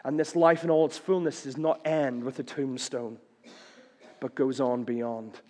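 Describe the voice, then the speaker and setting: A man preaching a sermon, swinging between loud declarations and hushed lines, with playful rhymes and punchy questions. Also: medium pitch, flat delivery, unhurried, in a large hall.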